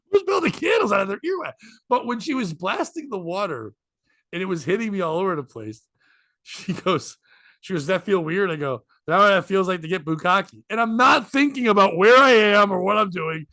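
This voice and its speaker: A man with a high, bright voice tells a self-mocking story to his co-host, playing out both sides of the dialogue. The sound is dry and close, with no room in it. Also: animated, normal speed, no echo. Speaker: podcast co-host. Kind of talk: casual storytelling chat.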